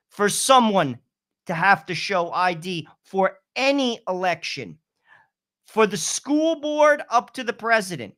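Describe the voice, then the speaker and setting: A man co-hosting a political talk show, arguing forcefully with rhetorical questions. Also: sits high. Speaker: co-host.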